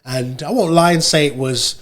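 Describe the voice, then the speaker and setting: Englishman telling relaxed travel stories. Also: fairly high pitch, moderate pace. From England. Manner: relaxed storytelling, animated when quoting others. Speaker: guest, radio presenter and producer. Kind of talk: casual conversation.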